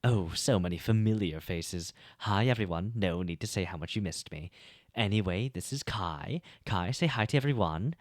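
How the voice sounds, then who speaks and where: A man's voice: low-pitched, animated, normal speed, no echo, studio quality. A man voicing a scruffy, sardonic young man in an audiobook reading, teasing and wisecracking. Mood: cocky.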